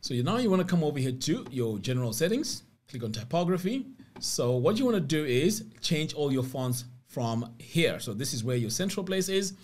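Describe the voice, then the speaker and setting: A man's voice: a little high, big pitch swings, normal speed, darkish tone. A man narrating a screen-recorded web design tutorial step by step, upbeat about what the features do.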